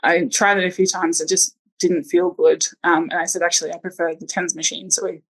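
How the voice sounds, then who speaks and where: A woman's voice: on the low side, flat delivery, a little fast, rough recording. A woman telling her birth story in a casual interview, chatty with lots of ums and likes. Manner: chatty, many ums and likes, acts out quotes.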